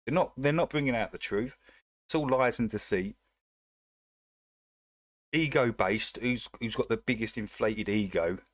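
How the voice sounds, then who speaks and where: A man's voice: mid-range voice, measured pace, long pauses, dry recording. A man with an Essex and North London accent, hosting a casual livestream and chatting bluntly with his viewers in a rambling way. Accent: Essex / North London English. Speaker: livestream host.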